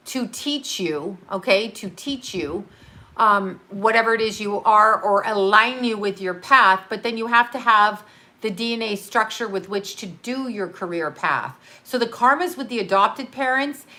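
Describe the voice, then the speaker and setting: Bright-voiced blunt woman on a livestream. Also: mid-range voice. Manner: blunt, swears freely, laughs often; talks straight to her chat, reads out comments and riffs. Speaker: psychic medium answering live viewer questions. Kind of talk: casual livestream chat.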